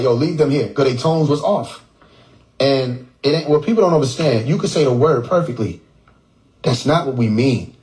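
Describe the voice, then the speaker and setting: On a casual livestream from his phone, a man swears, jokes, and repeats words to imitate how people pronounce them. His mid-range voice has a darkish tone, and the recording is rough.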